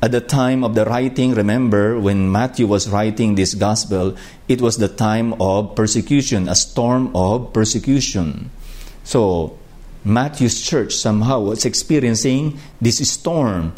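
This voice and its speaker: A man's voice: on the low side, a little mellow. A man with a Filipino accent preaching a sermon, reflective and emphatic on key phrases. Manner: slow, reflective, with rising emphasis on key words.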